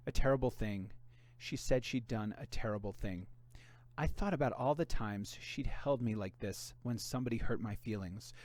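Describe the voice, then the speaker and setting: A man, a volunteer reader, narrating a first-person mystery novel aloud in an expressive way. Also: medium pitch.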